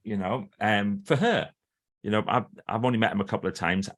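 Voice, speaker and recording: In a podcast interview, a middle-aged author and trainer tells stories briskly in a lowish voice. He's an animated narrator who acts out the lines others said.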